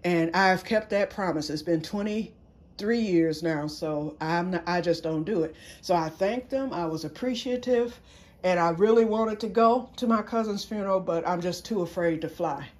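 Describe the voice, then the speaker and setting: A woman's voice: fairly low pitch, moderate pace. A middle-aged woman chatting casually in a personal vlog, rambling and correcting herself as she goes, with folksy turns of phrase. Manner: rambling, self-correcting storyteller; folksy, says y'all. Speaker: vlogger.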